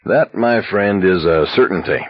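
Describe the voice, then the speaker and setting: A man voicing a calm, sly young man with a dry, sardonic wit in a slightly muffled recording. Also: low voice, unhurried, dry recording, exaggerated voice.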